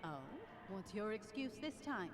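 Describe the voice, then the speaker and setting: A woman's voice: mid-range voice, animated, unhurried, natural voice. An actress voicing a pushy, preachy woman in a narrative video game, talking insistently.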